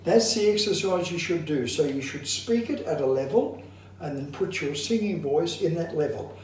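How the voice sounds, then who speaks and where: A male voice coach speaking in a somewhat high voice, heard from a distance. His voice rings through a very echoey room as he explains technique in a measured, instructive way. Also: expressive, slight background noise. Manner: measured, instructive, slows to stress points. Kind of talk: singing lesson with demonstrations.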